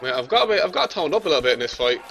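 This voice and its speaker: A man's voice: on the high side, sing-song, rapid-fire, vocal fry, a faint crowd. A young man giving brash, swearing commentary on his own video game match, trash-talking the opponent. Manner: brash and swearing, trash-talks the opponent, yells when losing. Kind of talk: casual gameplay commentary.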